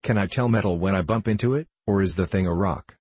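A man with a low, husky voice reading the lines of a gruff, blunt female yellow hen in an audiobook story. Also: fast talker, dry recording. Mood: matter-of-fact. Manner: gruff, blunt and self-assured.

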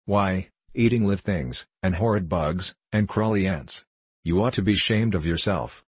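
A man with a low, husky voice reading the lines of an earnest, prim young farm girl in an audiobook story. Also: measured pace, no room sound.

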